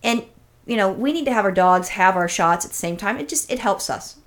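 A woman's voice: medium pitch, brisk. A woman co-hosting a podcast, telling a long, rambling story in casual chat, swearing freely and acting out what people said. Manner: rambling, profane, animated storytelling with acted-out quotes. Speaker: podcast co-host.

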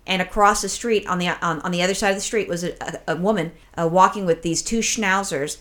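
Profane, excitable woman telling a story. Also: on the low side, quick pace. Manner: profane, excitable, acts out her own reactions. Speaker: podcast co-host. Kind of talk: casual storytelling.

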